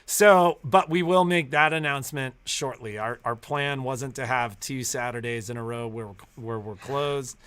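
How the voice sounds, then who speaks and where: Bright-voiced man chatting casually. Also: medium pitch, a little slow, few pauses, smooth. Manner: chatty, laughs while retelling stories. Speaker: store co-owner and livestream host. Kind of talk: casual livestream chat.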